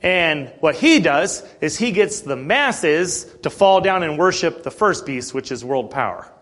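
Throat-clearing man teaching a Bible class. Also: on the high side, sing-song, fairly bright tone. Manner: frequent throat clearing, checks in with "okay?" and "right?"; slows down to stress key phrases when reading scripture.

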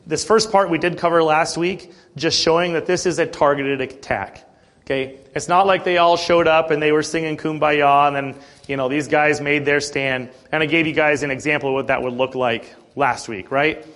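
Leading a morning Bible class, a man with a slightly higher, somewhat bright voice keeps a steady, easygoing, conversational tone, often clearing his throat and checking in with "okay?" and "right?". When he reads scripture, he slows down to lean on the key words.

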